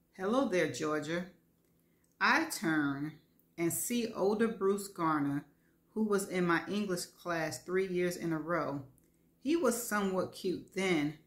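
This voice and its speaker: Female host reading her story, low-pitched, candid and wry, roomy sound. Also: a bit bright. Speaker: host and reader. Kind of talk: first-person story reading. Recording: roomy echo.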